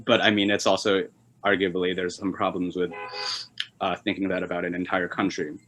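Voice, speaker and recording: A young man from China, a polyglot journalist, answering interview questions in a relaxed way, with lots of fillers and chuckles while telling stories. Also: low voice, brisk, slight background noise, low-quality recording. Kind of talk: casual interview conversation.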